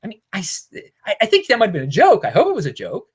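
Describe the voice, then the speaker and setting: A man with a Baltimore accent hosting a casual vlog, rambling and excitable with frequent restarts. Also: high-pitched, quick pace, husky. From Baltimore, United States. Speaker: cryptocurrency video host.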